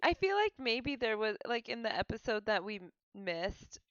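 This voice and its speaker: A woman's voice: fairly high pitch, very animated, normal speed, fairly bright tone, no echo, lo-fi sound. A woman co-hosting a podcast in casual chat, who laughs often and acts out lines from scenes. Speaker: podcast co-host.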